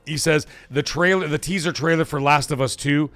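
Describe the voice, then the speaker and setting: A livestream host with a fairly high, brisk voice runs a casual stream, swearing freely and excitedly reading viewer donations aloud. He sounds emotional, his voice catching at times. The audio is dry with soft music in the background.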